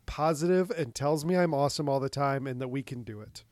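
A man's voice: mid-range voice, fairly quick, darkish tone, no echo. A man co-hosting a podcast, chatting casually about a movie, laughing often and chiming in with short agreements. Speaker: podcast co-host. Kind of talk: casual movie recap chat.

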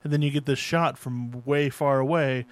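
A man's voice: medium pitch, fairly even intonation, moderate pace, no room sound, rough recording. A man co-hosting a casual chat, trading dry wisecracks and correcting the others on details.

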